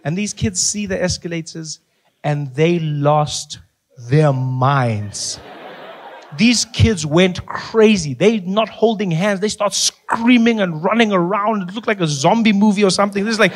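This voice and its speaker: A male stand-up comedian telling stories in an animated way, acting out scenes and laughing through his lines. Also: sits high, unhurried. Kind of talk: stand-up storytelling.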